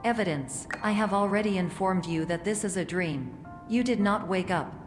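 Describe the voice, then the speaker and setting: A woman voicing a cold female orientation AI in a game, speaking in a flat, clinical, deadpan way. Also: mid-range voice, normal speed, in a large hall, soft background music, close to an everyday voice. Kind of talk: scripted game voice-over.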